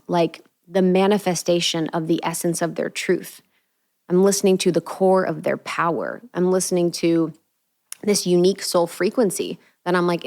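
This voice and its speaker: Woman, podcast host, young adult, slightly low voice, casual reflective monologue, spiritual, says "like" a lot. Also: a little mellow. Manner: earnest, spiritual, casual with frequent "like".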